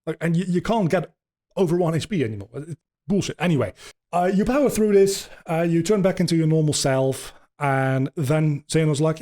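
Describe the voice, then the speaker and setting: A man's voice: fairly high pitch, lively intonation, a little fast, warm tone. A man hosting a podcast, rambling casually with many ums and swears as he explains video game lore. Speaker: podcast host.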